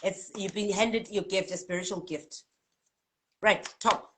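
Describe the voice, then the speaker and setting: A South African woman hosting a live spiritual card-reading stream, reading out viewers' comments in a lively, chatty way and laughing often. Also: mid-range voice, measured pace, slight background noise. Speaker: spiritual healer and card reader.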